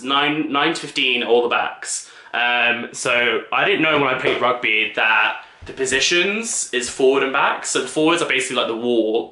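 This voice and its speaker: Young man, camp vlogger, very bright voice, echoey room. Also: medium pitch. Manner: camp, chatty, lots of fillers. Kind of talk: casual vlog chat.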